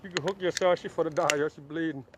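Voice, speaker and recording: A man's voice: on the high side, fast, heavy background noise. A man, a father filming a fishing trip, joking and trash-talking with his child in casual banter. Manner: teasing, trash-talking, laughs a lot. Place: outdoors by a creek.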